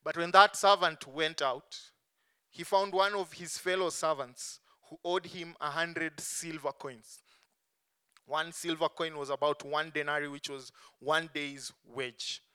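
A man preaching a sermon, stressing points strongly and letting phrase endings fall soft and low. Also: steady tone, a little slow, smooth. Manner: emphatic, swings between strong stresses and soft dropped endings.

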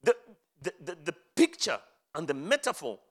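Guy preaching, voice climbs high then sinks right down low and quiet, fairly high pitched. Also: sing-song, normal speed. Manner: dramatic swings from loud high emphasis to low hushed endings. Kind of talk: sermon reading and expounding scripture.

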